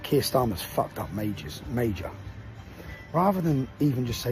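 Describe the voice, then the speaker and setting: A man's voice: medium pitch, sing-song, normal speed, creaky, darkish tone, faint music behind. A man giving a heated, emphatic message to the public, swearing and asking "yeah?" after his points. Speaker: activist addressing the public. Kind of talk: direct-to-camera video message.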